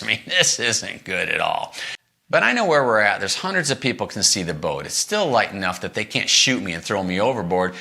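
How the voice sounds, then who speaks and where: A middle-aged man hosting a podcast, telling a story from the road in a casual way and acting out the quoted lines. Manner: animated, acts out quoted lines with big pitch jumps.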